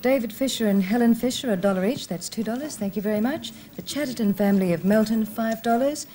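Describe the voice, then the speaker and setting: A woman's voice: a little high, fast, warm tone, a little hiss or hum. An Australian woman reading telethon donations steadily. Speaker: telethon presenter.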